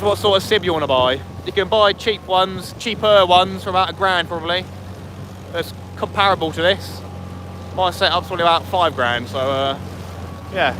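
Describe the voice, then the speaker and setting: A young man talks casually to his live viewers from a small inflatable boat at sea. His voice sits fairly high and he jokes and banters between fishing plans. Loud wind and engine noise wash over the camera mic. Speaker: fishing vlogger. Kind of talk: casual live-stream chat.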